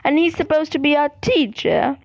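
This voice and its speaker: A woman's voice: sits high, fairly even intonation, normal speed, no room sound, voice pushed up, lightly acted. Brief: derisive rich-kid bully, read by a woman, dry dull recording. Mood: sneering. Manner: sneering, derisive. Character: sneering spoiled teenage schoolboy bully.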